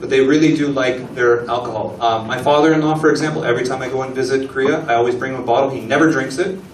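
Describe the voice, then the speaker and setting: A man's voice: mid-range voice, fast talker, slight background noise. A man giving a chatty presentation to an audience, asking questions and acting out short dialogues. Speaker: guest speaker at an embassy talk. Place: event room with an audience. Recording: echoey room recording from a distance.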